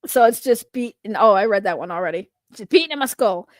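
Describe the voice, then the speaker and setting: A woman hosting a livestream chats casually with viewers and reacts to chat, swearing freely, laughing a lot, and slipping into sarcastic, mock-innocent protests. Her mid-range voice has lively intonation and runs a little fast, with no room sound.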